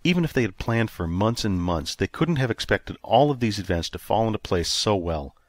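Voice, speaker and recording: A man narrating an audiobook in a steady, even storytelling manner. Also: fairly low pitch, fairly quick, no echo. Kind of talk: scripted narration.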